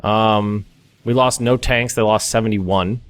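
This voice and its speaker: Hosting a let's play of a strategy game, a young American man thinks out loud casually, frequently starting over and making asides. His lowish voice is smooth and steady and never rushed. Faint music plays in the background.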